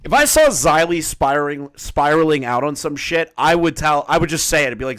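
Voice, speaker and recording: A man's voice: fairly high pitch, big pitch swings, a little fast, few pauses, dry recording. Foul-mouthed man streaming commentary. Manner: profane, reads documents aloud, breaks into loud exclamations. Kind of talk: casual live-stream commentary.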